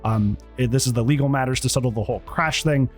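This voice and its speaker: A man giving a casual, rambling review of a TV episode, animated and acting out bits of dialogue. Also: mid-range voice, fast, soft background music. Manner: animated, rambling, acts out quotes. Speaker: TV show reviewer.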